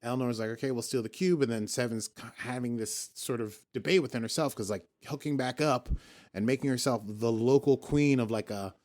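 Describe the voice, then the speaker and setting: A man's voice: mid-range voice, a little fast, darkish tone. A man hosting a podcast in casual chat, rambling and jokey, often breaking off and restarting his sentences. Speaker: podcast host.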